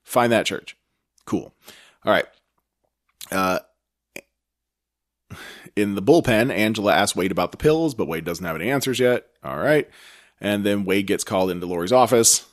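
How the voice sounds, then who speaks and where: A man's voice: lowish voice, lively intonation, moderate pace, pauses often. A man co-hosting a podcast, recapping a TV episode in a rambling, self-correcting casual chat. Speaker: podcast co-host.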